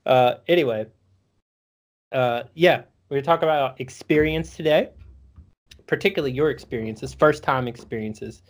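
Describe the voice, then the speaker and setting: A man's voice: medium pitch, normal speed. A man hosting a casual podcast chat, swearing freely and rambling, with easy laughter. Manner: profane, rambling, laughs easily. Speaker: podcast host.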